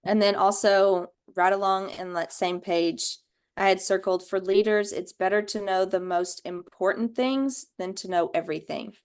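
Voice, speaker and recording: A woman sharing book notes in a casual video-call discussion, unhurried and thoughtful, with many ums. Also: medium pitch, fairly even intonation, clean tone. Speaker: book study participant.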